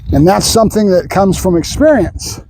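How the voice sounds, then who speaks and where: Older guy dog trainer, high voice, dry close sound, rambles and gets opinionated, keeps praising the dog. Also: expressive, normal speed, dark tone, dry recording, low-quality recording. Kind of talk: training vlog with running commentary.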